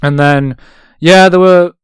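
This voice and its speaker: Young english guy, smooth clear voice, dry sound, gets loud and laughy doing impressions. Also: high voice, slow pace, no room sound. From England. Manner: animated, acts out quotes loudly with laughter. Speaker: actor guest. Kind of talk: casual storytelling chat.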